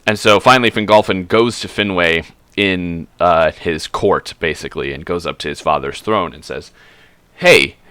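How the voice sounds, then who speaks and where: Low-voiced man rambling through a tale. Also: moderate pace, a bit bright, smooth, dry recording. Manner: rambling, swearing, self-correcting. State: drinking. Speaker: streamer. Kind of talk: casual retelling of a fantasy book.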